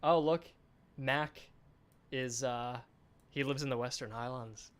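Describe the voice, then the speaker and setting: A man's voice: medium pitch, fairly even intonation, slow, clean tone. A man hosting a game developer live stream in a casual chat, reading viewer comments aloud and answering them with enthusiasm. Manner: enthusiastic, chatty.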